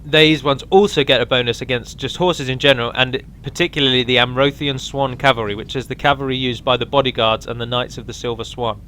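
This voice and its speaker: Man, game mod presenter, casual walkthrough commentary, rambling with ums, bright tone. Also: medium pitch, steady tone, a little fast, few pauses, slight background noise. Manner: rambling, with frequent ums and restarts.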